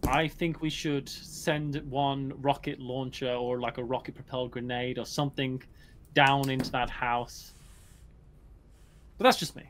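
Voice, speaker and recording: A man's voice: mid-range voice, level tone, measured pace, a bit bright, a little hiss or hum. A man co-playing a game on a live stream, tossing off wry jokes and asides. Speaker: guest co-player. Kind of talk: casual banter during a live game.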